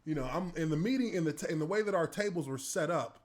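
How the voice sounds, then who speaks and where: A man's voice: on the high side, expressive, fast. A man in his thirties, a former pro football player, telling stories casually and animatedly, laughing and acting out scenes. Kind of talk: casual storytelling.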